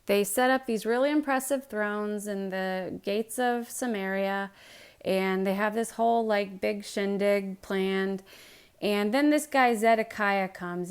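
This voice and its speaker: A woman's voice: medium pitch, clear, resonant tone. Chatty woman teaching a Bible study. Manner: chatty, jokey retelling.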